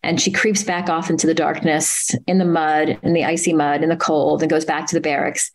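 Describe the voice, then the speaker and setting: Low-voiced woman retelling a story. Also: flat delivery, poor audio. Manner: earnest, halting, many "um"s and restarts. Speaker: author and interview guest. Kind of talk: conversational storytelling at a live talk.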